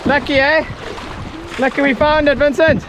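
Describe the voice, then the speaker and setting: A man's voice: extremely high pitch, fairly even intonation, normal speed, noisy background. A man chatting with his family outdoors on a river, often tagging "eh?" onto his lines. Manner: chatty, ends lines with a tag "eh?". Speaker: family vlogger, father. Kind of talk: casual chat on an outdoor trip.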